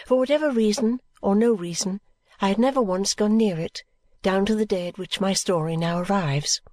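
Woman reading an audiobook, calm even narration, mid pitch, dry close sound. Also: normal speed, no echo. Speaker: audiobook reader. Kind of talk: first-person audiobook narration.

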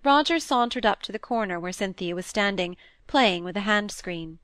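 A woman narrating a classic novel in a calm, even storytelling manner. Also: medium pitch, moderate pace, few pauses, smooth, no echo. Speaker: audiobook narrator. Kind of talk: scripted narration.

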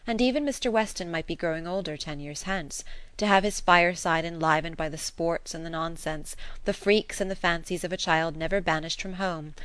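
A woman narrating a classic novel in a measured, even storytelling manner. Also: on the low side, no echo. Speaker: audiobook reader. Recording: dry close recording.

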